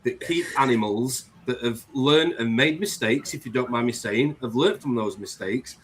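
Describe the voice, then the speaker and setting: Brief: chatty man hosting an online show, mid-pitch voice, light background hiss. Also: moderate pace. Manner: chatty, rambling, earnest. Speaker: host. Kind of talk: casual live-stream chat.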